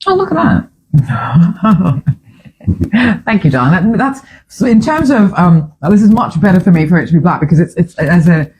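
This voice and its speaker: A chatty, opinionated woman hosts a casual studio talk show, her pitch swinging widely as she wanders from one aside to the next. Her voice sits a little low and sounds mellow and warm. A faint hiss runs under the whole recording. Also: very animated, normal speed, poor audio. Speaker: show host.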